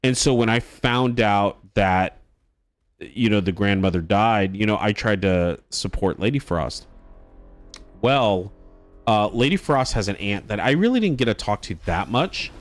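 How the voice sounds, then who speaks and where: A man's voice: lowish voice, lively intonation, a little slow, no echo, faint music behind. A man streaming live, telling a personal story in a rambling, casual way with restarts and swearing.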